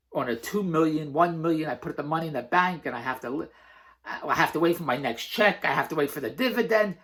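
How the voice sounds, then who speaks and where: A man's voice: on the high side, pushed and bright. A man vlogging a casual motivational monologue, rambling and emphatic, laughing often between phrases. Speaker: vlogger and entrepreneur.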